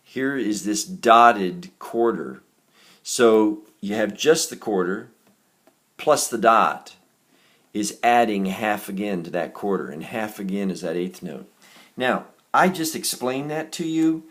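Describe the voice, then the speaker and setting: A man's voice: fairly low pitch, slow. A man teaching a recorded music reading lesson, explaining note values patiently and correcting himself now and then. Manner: patient, counts beats aloud in a raised chant; steady and explanatory, with small self-corrections.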